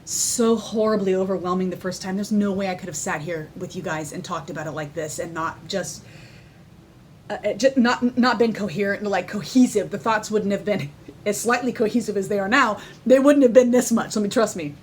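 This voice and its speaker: A woman talking casually to the camera, excitable and candid, often laughing as she tells her story. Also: mid-range voice, brisk, slight background noise. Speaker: vlogger sharing her personal story.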